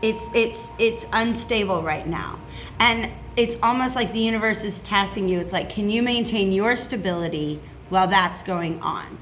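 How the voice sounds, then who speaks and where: A woman's voice: medium pitch, normal speed, a bit bright, slight background noise. A woman giving a casual tarot reading, chatty and reassuring, checking in with "okay?" often. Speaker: tarot reader.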